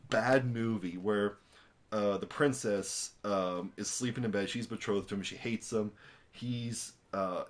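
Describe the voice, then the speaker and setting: A young man giving a casual spoken film review, rambling and animated, with many fillers and restarts. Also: fairly low pitch.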